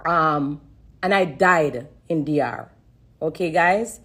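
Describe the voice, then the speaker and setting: Low husky woman, earnest. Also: slow, a bit bright. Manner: earnest, repetitive, fighting back tears. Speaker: livestream host. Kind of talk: emotional live-stream testimony.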